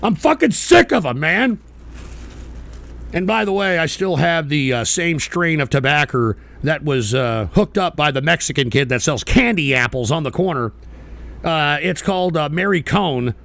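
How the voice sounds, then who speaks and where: A man's voice: fairly high pitch, fairly bright tone. A male political talk-show host ranting profanely and combatively during a live stream, snapping at trolls.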